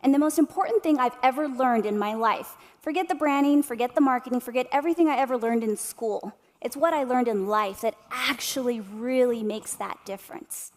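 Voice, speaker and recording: A woman's voice: fairly high pitch, brisk, hardly any pauses, big-room sound. Passionate woman giving a keynote. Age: 30s. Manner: passionate, addresses audience directly with rhetorical questions. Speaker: motivational speaker. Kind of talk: inspirational keynote speech. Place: room with a live audience.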